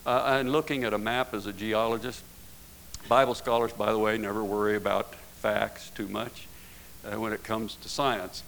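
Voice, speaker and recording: A man's voice: lowish voice, steady tone, normal speed, creaky, a bit bright, slight background noise, rough recording. A man preaching a sermon in a folksy way, often ending his points with tag questions and rising into emphatic bursts.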